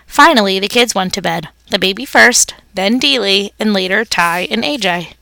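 A woman's voice: medium pitch, expressive, normal speed, creaky, bright, forceful tone, no room sound. A woman reading a children's story aloud, narrating expressively as a pet hamster.

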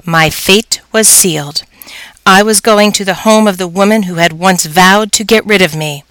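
Expressive woman audiobook narrator. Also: mid-range voice, moderate pace, dry recording, low-quality recording. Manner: expressive first-person storytelling.

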